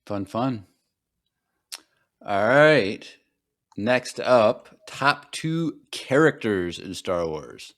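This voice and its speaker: A man's voice: fairly low pitch, expressive, very slow, long pauses, fairly bright tone. A man hosting a podcast who gives brief acknowledgments and moves to the next segment. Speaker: podcast host. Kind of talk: casual chat.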